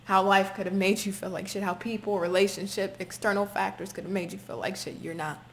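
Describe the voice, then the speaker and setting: A woman's voice: mid-range voice, fairly even intonation, brisk, slight background noise. A woman giving a spoken tarot reading to her viewers, talking emphatically, repeating herself and swearing freely. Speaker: tarot reader.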